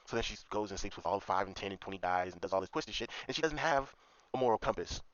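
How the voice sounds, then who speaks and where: A commentary vlogger rants through a monologue, swearing freely, repeating himself, and tagging his points with "okay?" His voice is lowish, expressive, quick, and a bit bright. The recording is dull, lo-fi, and dry.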